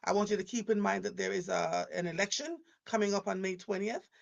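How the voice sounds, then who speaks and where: A woman's voice: medium pitch, fairly quick, vocal fry. A woman in her fifties hosting a live stream, chatting casually and rambling through stories with frequent restarts. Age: 50s. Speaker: live show host.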